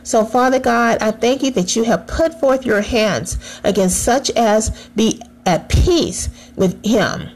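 A woman's voice: a little high, takes it slowly, hardly any pauses, darkish tone, rough recording. A woman praying aloud, fervent and pleading, returning again and again to the same address to God. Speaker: prayer leader. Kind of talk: spoken prayer.

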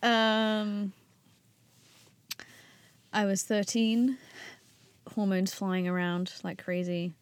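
A woman's voice: medium pitch, flat delivery, very slow, pauses often, no echo. Young woman, podcast guest, loose and self-mocking, trails off often. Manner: chatty, self-deprecating, laughs often, trails off with fillers. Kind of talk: casual chat.

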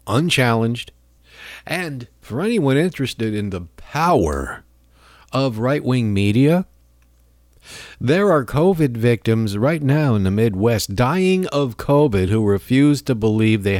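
A male radio host delivering a loose, sardonic monologue, often chuckling to himself. His pitch swings lively up and down. The sound is dry and close. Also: dry recording. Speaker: radio talk show host.

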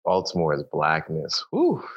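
Man, very deep voice, interview host, deliberate questions, muffled sound. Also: wildly swooping pitch.

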